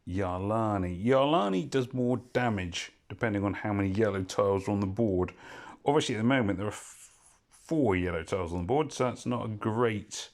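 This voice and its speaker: A man giving casual, rambling commentary as he plays a mobile puzzle game, often drifting off topic and correcting himself. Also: on the low side. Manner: rambling, digressive and self-correcting.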